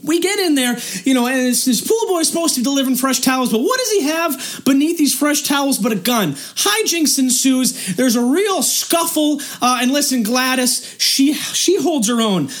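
A woman hosting a podcast, telling a comic story in a rambling way full of restarts and fillers, and shouting in the action scenes. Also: high voice, lively intonation, normal speed, hardly any pauses. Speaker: podcast host. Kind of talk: comedic storytelling.

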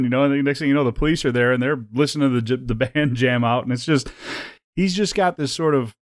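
A man hosting a podcast in a casual chat, rambling with lots of fillers and quick laughs. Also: mid-range voice, no echo, clean studio sound. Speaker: podcast host.

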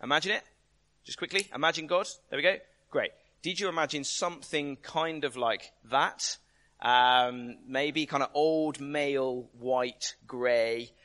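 A man's voice: mid-range voice, unhurried, pushed and bright. A man giving a conversational sermon, emphatic and full of rhetorical questions. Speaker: preacher.

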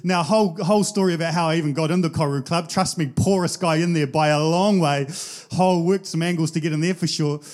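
High-voiced New Zealand pastor, chatty. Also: male voice, fairly even intonation, quick pace, a little mellow. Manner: casual anecdotal storytelling, chatty with many fillers. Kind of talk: sermon.

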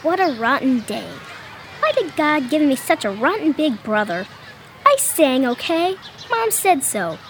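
Christina, a sulky high-pitched young girl. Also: big pitch swings, measured pace, slight background noise, full character voice. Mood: angry. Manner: pouty, whiny child voice. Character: young girl, hurt and sulky at her brother. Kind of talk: family audio drama.

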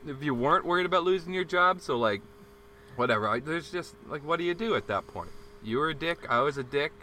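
Bright-voiced young man telling a rowdy story. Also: on the high side, lively intonation, fast, a little hiss or hum. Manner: profane, rowdy storytelling, heavy swearing; acts out quarrels in a loud shouting voice. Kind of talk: casual chat, storytelling.

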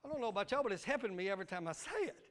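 A man's voice: high-pitched, animated, racing, a bit bright. A male pastor, preaching a fiery sermon with call and response.

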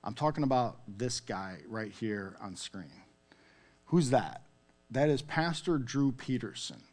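A man's voice: medium pitch, a little slow. A man preaching a sermon in a conversational way, often checking in with "okay?" and "all right?". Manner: conversational, animated, with frequent "okay?" asides. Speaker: pastor.

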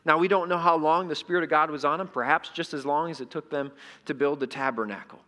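A man's voice: a little high, fairly even intonation, fast talker, bright, forceful tone. A middle-aged male pastor preaching a sermon in a conversational way, often asking the congregation questions. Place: church sanctuary. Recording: echoey hall.

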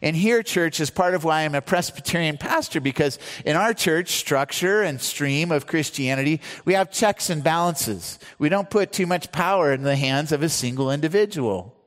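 A pastor preaching a sermon, retelling scripture stories with earnest emphasis. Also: male voice, a little high, animated, moderate pace, few pauses, fairly bright tone. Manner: earnest storytelling preacher, acts out quotes. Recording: hall reverb.

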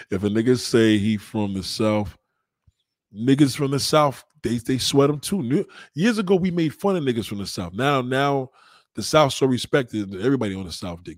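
A young man chatting casually with viewers on a livestream, rambling in profane street talk and giving shout-outs. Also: medium pitch, no room sound. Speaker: livestream host.

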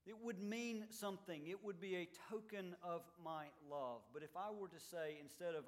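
A man preaching a sermon as pastor, swinging between loud emphatic lines and quiet, low ones. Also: normal speed, few pauses. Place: church sanctuary.

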